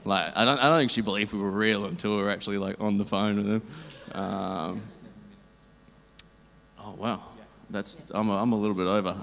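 Man, deep voice, church testimony, rambling storyteller, long hall reverb. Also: normal speed, gravelly. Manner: rambling, animated, acts out dialogue. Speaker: church member sharing a testimony. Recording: reverberant hall, faint noise.

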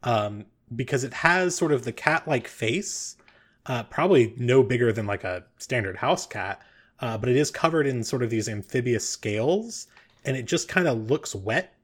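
A man narrating a tabletop game as game master, relaxed and a little hesitant. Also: medium pitch, normal speed.

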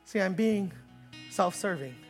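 A male pastor preaching a sermon, dropping to slow, quiet lines and then rising to loud, fast preaching, with many repeated words and restarts. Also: high voice, lively intonation, soft background music.

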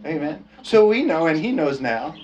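Laughing, folksy preacher man, slightly high voice. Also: sing-song, normal speed, darkish tone, highs cut off, a little hiss or hum. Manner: folksy, laughing often, punctuating with "amen?". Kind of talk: storytelling sermon.

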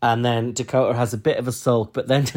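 A man's voice: medium pitch, steady tone, fairly quick, a little mellow. A young man chatting casually as a podcast co-host, rambling and laughing often. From United Kingdom. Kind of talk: casual chat.

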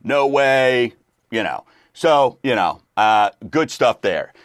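A man's voice: on the low side, very animated, slow pace, dry recording, clean studio sound. Laid-back rambling man. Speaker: radio show host. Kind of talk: casual chat.

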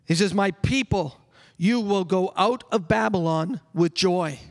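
A male pastor preaching an exuberant sermon. He bursts into yelling at times and leads the congregation in call-and-response. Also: high-pitched, measured pace, long reverb tail. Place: church sanctuary.

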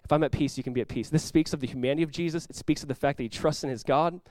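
Animated preaching man, dry close sound. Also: a little high, very fast, dry recording. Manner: animated preaching, acting out dialogue with sudden loud outbursts. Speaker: pastor. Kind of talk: sermon.

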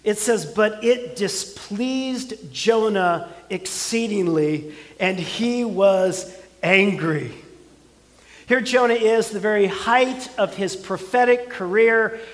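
A man's voice: high-pitched, slow pace, long reverb tail. A man preaching a sermon, building emphasis with repeated words and phrases. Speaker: pastor.

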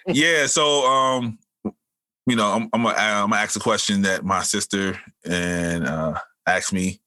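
A man in his forties hosting a casual podcast chat, relaxed, laughing often and stumbling over restarts. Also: lowish voice, measured pace, no echo. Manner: laid-back, laughs often, stammers on restarts. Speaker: podcast host.

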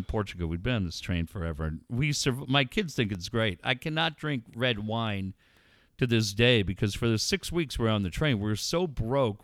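A middle-aged man tells a story in casual, profane podcast talk, animatedly acting out the voices of the people in it. His voice is medium-pitched, and the studio-quality recording has no room sound.

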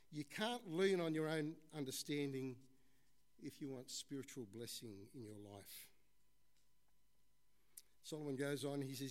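Guy preaching a sermon, chatty, kinda higher voice, calls everyone folks. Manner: conversational, addresses the congregation as folks, tells stories.

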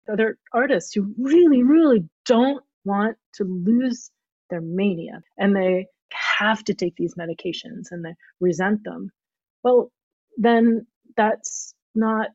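A woman's voice: mid-range voice, darkish tone, dry recording, muffled recording. A woman speaking as a guest, thinking aloud carefully and often restarting her sentences. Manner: thoughtful, searching, frequent restarts. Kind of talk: reflective conversation.

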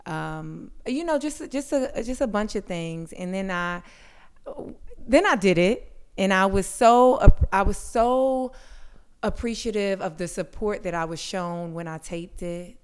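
A woman comedian guesting on a podcast, talking in a soft, soothing, thoughtful way. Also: mid-range voice, a little slow, clear, resonant tone. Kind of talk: casual interview chat.

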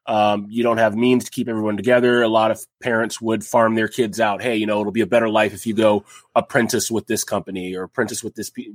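A man's voice: fairly low pitch, no echo. Podcast host, male, young adult, casual rambling storyteller, dry close mic. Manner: rambling, frequent fillers and restarts, jokey asides.

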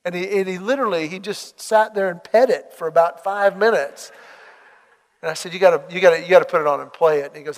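A man preaching a sermon, telling a story with lively acted-out dialogue. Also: high-pitched, fast, big-room sound. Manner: animated storytelling, acts out quoted dialogue.

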